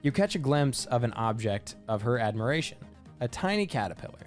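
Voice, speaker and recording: Brief: male let's-play narrator, lively intonation, measured reading, quiet music underneath. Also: medium pitch. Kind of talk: reading game narration aloud.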